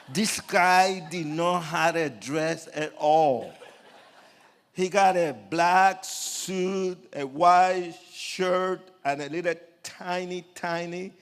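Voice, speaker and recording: With a voice on the high side, an older Puerto Rican preacher, Spanish being his native tongue, narrates his testimony sermon-style. He is animated, performs the quoted lines, and ranges from hushed asides to shouting.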